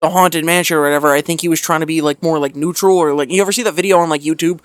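A man's voice: a little high, steady tone, racing, clean tone, no room sound. A young man co-hosting a podcast, talking frankly and rambling with lots of "like". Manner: rambling, frank, heavy on fillers like "like". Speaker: podcast co-host. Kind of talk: casual chat.

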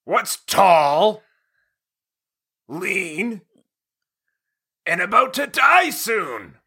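A man voicing a goofy, cheery cartoon doctor in a high, shouting sing-song voice. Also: big pitch swings, drawn-out words, creaky, slightly rough, full character voice. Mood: manic glee.

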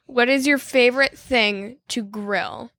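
A woman co-hosting a casual podcast, playful and quick to laugh. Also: fairly high pitch, a bit bright, no room sound. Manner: giggly, playful. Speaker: podcast co-host. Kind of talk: casual chat.

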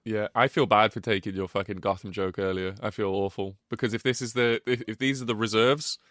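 A man with an English Midlands accent co-hosting a casual film podcast. He swears a lot, apologises constantly, and gets animated when he goes off on a tangent. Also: on the low side, a little fast, no echo, clean studio sound. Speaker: podcast co-host.

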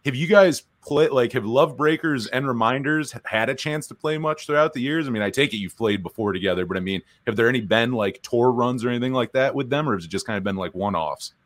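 Podcast host, man, rapid, casual, swears, restarts questions, mid pitch. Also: a bit bright. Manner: fast, loose and swearing, with frequent restarts.

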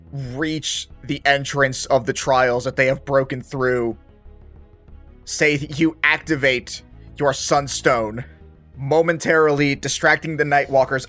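A man's voice: mid-range voice, fairly bright tone. Man narrating a tabletop game. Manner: vivid, playful narration with laughs. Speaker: game master.

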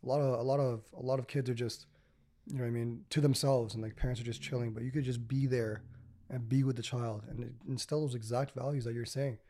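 A man's voice: mid-range voice, little pitch movement, a little fast, warm tone, a little hiss or hum. A man, hosting a casual podcast and telling stories in a rambling way, full of "like" and "you know". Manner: rambling storyteller, many fillers like "like" and "you know". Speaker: podcast host.

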